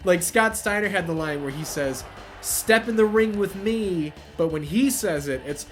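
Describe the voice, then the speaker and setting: A man hosting a wrestling video game playthrough, chatting casually, laughing and swearing, then shouting play-by-play at the big moves. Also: sits high, normal speed, faint music behind. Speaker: let's play host.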